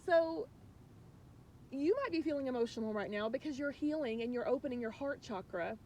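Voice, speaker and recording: Earnest, rambling woman coach, fairly high voice. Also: expressive, fast talker, darkish tone, slight background noise. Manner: earnest, rambling, many restarts; emotional, confiding. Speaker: spiritual life coach. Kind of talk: casual spiritual message to viewers.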